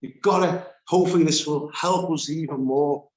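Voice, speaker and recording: A man teaching a Bible study, animated and laughing between his points as he reads scripture aloud. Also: a little high, normal speed, reverberant.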